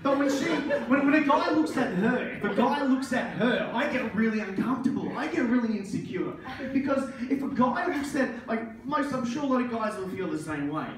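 A man's voice: extremely high pitch, lively intonation, a little fast, few pauses, recorded from a distance. An Australian man doing a crude stand-up set at an open mic, often laughing at his own jokes. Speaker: stand-up comedian. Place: small pub open mic stage, indoors. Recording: echoey pub room with crowd noise. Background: crowd laughter and chatter.

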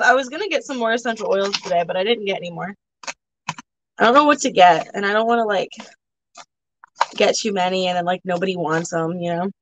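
A woman's voice: medium pitch, fairly bright tone, a little hiss or hum, poor audio. A young woman chatting casually while selling items on a live stream, teasing viewers and rambling, a bit tired. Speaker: live auction seller.

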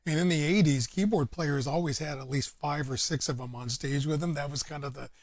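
A man's voice: on the high side, fairly quick, no echo. A man, a guest musician talking in an easygoing, rambling way with lots of fillers. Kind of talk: casual interview chat.

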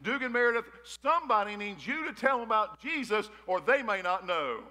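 Pastor man preaching, high bright voice, folksy and jokey, lots of church hall echo. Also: expressive, fairly quick. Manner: folksy, joking preaching with crowd call-outs; emotional. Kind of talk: sermon. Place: church hall, a former gymnasium. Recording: long church-hall reverb.

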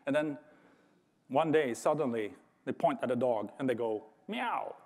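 Guy giving a tech conference talk, mid pitch, lots of hall reverb, kinda thoughtful and jokey. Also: normal speed, darkish tone. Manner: thoughtful, light humor, frequent restarts. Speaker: conference speaker.

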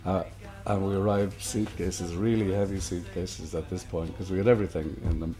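An Irish man being interviewed for a documentary, telling stories in a relaxed, easy way. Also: sits low, normal speed, faint music behind. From Ireland. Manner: relaxed storyteller, easy laughs. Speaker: interviewee, musician. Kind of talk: documentary interview, anecdotal storytelling.

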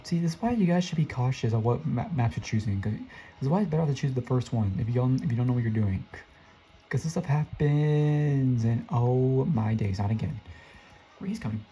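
Excitable young man narrating gameplay. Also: mid-range voice, a little fast, muffled recording. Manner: excitable, jumpy, voice shoots up when scared. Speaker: gaming video creator. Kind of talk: live gameplay commentary.

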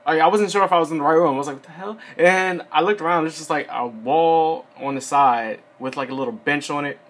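A man's voice: fairly high pitch, brisk. Chatty young man giving tips. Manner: rambling, filler-heavy, conversational. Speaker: Air Force enlistee giving advice. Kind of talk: casual advice vlog. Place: seated indoors.

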